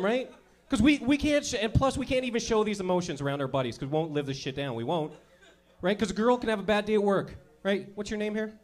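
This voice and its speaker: Brash, profane stand-up comic, high voice. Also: male voice, expressive, a little fast. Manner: profane, brash, laughing at his own jokes. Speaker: stand-up comedian. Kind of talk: stand-up comedy with crowd work.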